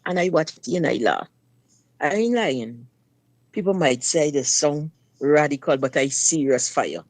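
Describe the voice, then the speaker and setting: A woman recounts her own story in an emphatic, forthright way, often turning to address the listener directly. Her voice sits fairly low, and the recording is dry and close. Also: expressive, measured pace, no room sound. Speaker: guest sharing personal story. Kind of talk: personal testimony on a talk show.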